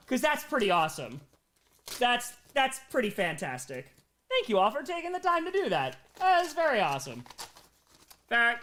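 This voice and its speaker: A man hosting a casual live stream, excitedly reading chat messages and thanking viewers. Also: very high voice. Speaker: streamer host.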